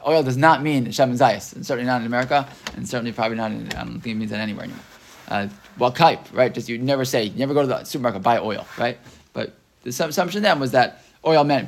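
A middle-aged man teaching a Talmud class in a conversational way. He reads out Hebrew text, explains it in English, and keeps checking with his students. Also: mid-range voice. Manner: conversational, often asks "right?". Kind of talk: classroom lecture.

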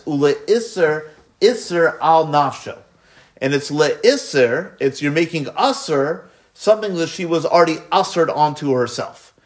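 A man teaching a Talmud lesson, sprinkling in Hebrew study terms and rising in pitch as he poses questions. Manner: animated, rising pitch when posing questions.

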